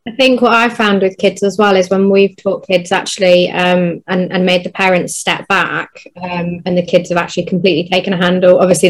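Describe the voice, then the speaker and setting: Chatty woman dog trainer. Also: lowish voice. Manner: quick, chatty, lots of fillers. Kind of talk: casual panel discussion.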